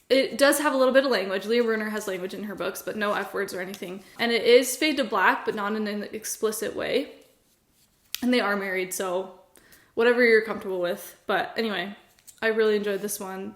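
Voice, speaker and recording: A woman's voice: medium pitch, a bit bright. A young woman talking casually and earnestly about her favorite books, gushing and laughing as she chats. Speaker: book vlogger. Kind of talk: casual book review chat. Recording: echoey room.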